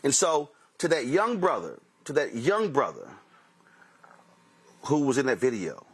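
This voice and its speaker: A man's voice: medium pitch, very animated, normal speed, breathy edge. A man hosting a talk show, telling a story in a preachy way and acting out the conversations he quotes. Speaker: host.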